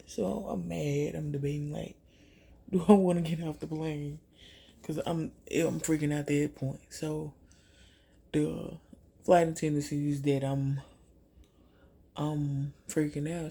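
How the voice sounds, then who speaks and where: Doing her makeup while telling a storytime, this young woman vlogger speaks in a low, gravelly, husky voice, a little slow. Her retelling is chatty and animated, with quoted asides as she acts out what people said.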